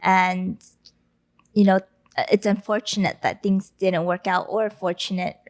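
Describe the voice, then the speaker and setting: A woman's voice: medium pitch, level tone, a little slow. A woman co-hosting a podcast in casual chat, teasing and laughing easily. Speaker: podcast co-host.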